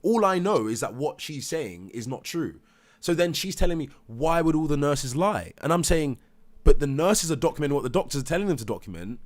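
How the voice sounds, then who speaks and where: A man's voice: on the high side, sing-song, brisk. A man, a father, talks heatedly in a live debate, acting out others' words and swearing. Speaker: parent telling his story.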